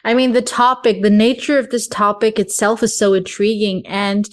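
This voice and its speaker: A woman's voice: medium pitch, flat delivery, moderate pace. A woman hosting a podcast interview, asking thoughtful questions and giving frequent listening murmurs. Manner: attentive, frequent "mm" listening cues. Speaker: podcast host.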